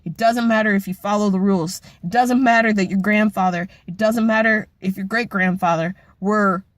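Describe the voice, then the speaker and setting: A woman's voice: mid-range voice, steady tone, normal speed, no echo. Impassioned woman vlogger swearing bluntly, dry sound. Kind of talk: emotional personal vlog rant.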